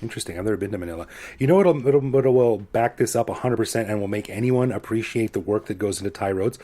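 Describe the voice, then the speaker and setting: A Canadian man in his forties co-hosting a podcast, talking in a relaxed, self-deprecating way. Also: on the low side, fast. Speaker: podcast co-host. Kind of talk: casual chat.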